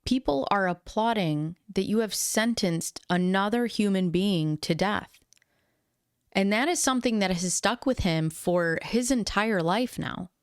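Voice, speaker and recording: A woman's voice: medium pitch, animated, unhurried, clean tone, no echo, clean studio sound. A woman hosting a true crime commentary who reads court statements aloud and then gives her own opinion with feeling.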